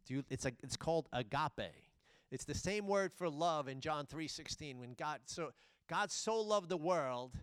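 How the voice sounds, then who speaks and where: A man preaching a sermon, retelling scripture dramatically, swinging between loud declarations and hushed asides. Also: fairly high pitch, smooth, no echo. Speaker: pastor.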